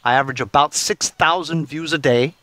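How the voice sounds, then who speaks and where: A man hosting his own repair vlog, chatting casually and thinking out loud as he works, with plenty of fillers and restarts. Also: fairly high pitch, fairly quick, no room sound. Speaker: channel host. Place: garage workshop.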